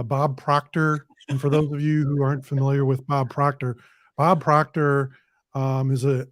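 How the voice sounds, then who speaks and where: A man with a mid-range voice hosts a podcast, recorded cleanly in a studio with no echo. He interviews his guest with questions asked in a relaxed, conversational way.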